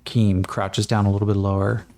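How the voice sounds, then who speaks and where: A man's voice: fairly low pitch, flat delivery, fairly quick, darkish tone. A man running a solo tabletop game as game master, narrating in a casual, profane, self-mocking way.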